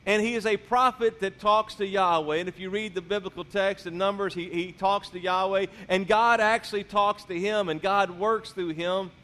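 A man's voice: high-pitched, steady tone, moderate pace, few pauses, bright, forceful tone. A man preaching a sermon as pastor, retelling a scripture story in casual, storytelling paraphrase.

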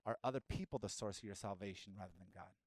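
A man's voice: lowish voice, fast talker, darkish tone, no echo. A man preaching a sermon as pastor, asking the listeners direct questions and rising into emphatic bursts.

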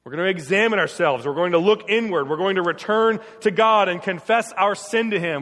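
A man's voice: high-pitched, brisk, hardly any pauses, fairly bright tone, in a large hall. A man preaching a sermon in an earnest, emphatic way, often repeating his phrases. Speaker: pastor.

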